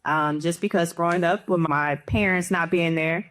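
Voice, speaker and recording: A woman's voice: on the low side, moderate pace, fairly bright tone. A woman on a discussion panel, speaking candidly and thoughtfully about her own experience. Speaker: panel guest. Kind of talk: casual personal sharing.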